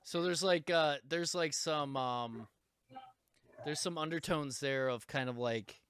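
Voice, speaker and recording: A man's voice: fairly high pitch, measured pace, crowd noise. A man hosting a podcast, rambling casually with lots of fillers and laughs. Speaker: podcast host. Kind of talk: casual chat.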